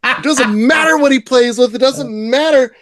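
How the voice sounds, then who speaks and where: A man's voice: very high voice, normal speed, fairly bright tone. A man co-hosting a podcast, talking in a rambling, enthusiastic way and laughing often. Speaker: podcast co-host. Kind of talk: casual comic book review chat.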